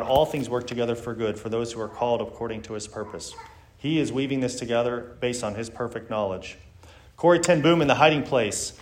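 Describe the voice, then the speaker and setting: Earnest man teaching Sunday school. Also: mid-range voice. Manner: earnest, emphatic, reads scripture aloud. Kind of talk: church Sunday school lesson.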